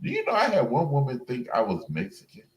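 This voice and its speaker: A man who is a guest on a casual chat, telling stories and jumping into high voices for quotes. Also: quick pace. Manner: lively storyteller, jumps into high voices for quotes.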